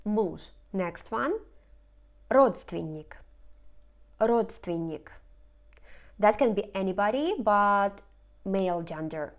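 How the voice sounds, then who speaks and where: A woman teaching in English, her tongue, repeating each new word twice. She speaks slowly and deliberately, at a mid pitch, walking through slides one word at a time. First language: Russian. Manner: repeats each word slowly and clearly, rising question intonation. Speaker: language teacher. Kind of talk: slow lesson narration over slides.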